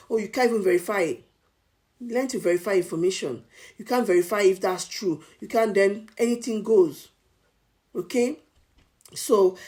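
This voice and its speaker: A Nigerian woman talks straight to camera in a casual advice vlog. She drives her points home by repeating them, with an emphatic, coaching delivery. Her voice sits at an everyday middle pitch. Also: darkish tone. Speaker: advice vlogger.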